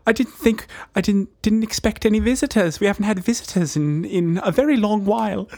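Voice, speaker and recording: A man's voice: sits high, brisk, darkish tone, voice pushed up. A man voicing a frazzled, apologetic female caretaker of a gloomy old mansion, in a flustered, breathless way.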